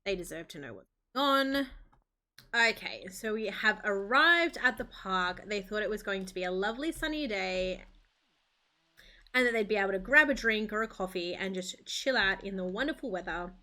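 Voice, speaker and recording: A woman's voice: mid-range voice, animated, moderate pace, sharp tone. A woman hosting a gaming video, chattily narrating a life-sim story.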